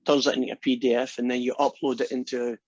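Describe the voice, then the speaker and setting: A man's voice: mid-range voice, flat delivery, fast, breathy edge, dry recording. A male instructor talking his class through calculus in a chatty, joking way. The recording is dry and close, with dull, lo-fi sound. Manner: chatty and joking, talks through steps conversationally. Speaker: math instructor. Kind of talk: casual classroom lecture.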